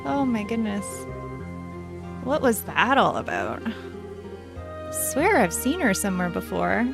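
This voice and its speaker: A woman's voice: mid-range voice, takes it slowly, creaky, music in the background. A woman giving casual let's-play commentary, reacting emotionally and gushing aloud as a story game plays. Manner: excitable and gushing. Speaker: gaming channel host.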